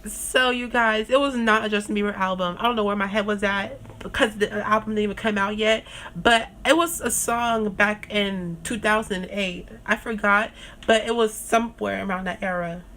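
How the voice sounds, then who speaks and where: A young adult woman vlogger telling a story in a chatty, animated way, full of fillers. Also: mid-range voice, normal speed, a little hiss or hum. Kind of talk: casual storytime.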